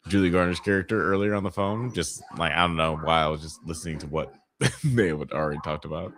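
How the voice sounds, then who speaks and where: A man's voice: very deep voice, fairly bright tone, a little hiss or hum. A man hosting a podcast live watch party, chatting casually and profanely, groaning and laughing at gory scenes. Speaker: podcast host.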